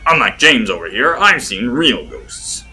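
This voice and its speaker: Male reader plays a wry middle-aged raconteur for an audio story: dry, teasing drawl, bright, crisp voice. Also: medium pitch, very animated, unhurried, slight background noise, heavily acted. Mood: storytelling. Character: wry, sarcastic middle-aged man, cigar-chewing storyteller.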